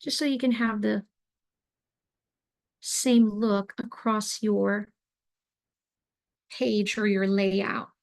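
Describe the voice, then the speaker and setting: A young adult woman teaching an online craft class, talking in a relaxed, chatty way with lots of fillers as she demonstrates. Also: mid-range voice, extremely slow, gravelly, pauses often. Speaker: craft instructor.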